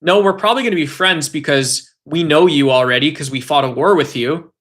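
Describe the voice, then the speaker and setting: Young male streamer, slightly high and bright, loose rambling delivery, reacts to chat. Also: a little fast. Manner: rambling, conversational, reads and answers chat comments. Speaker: livestream host. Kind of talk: casual political livestream talk.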